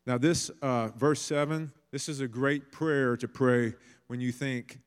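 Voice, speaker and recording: A man delivering a sermon at a middle pitch. He talks casually, like he is telling a story. He sometimes acts out the voices of the people he describes. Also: fairly even intonation, measured pace, clear, resonant tone. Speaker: pastor.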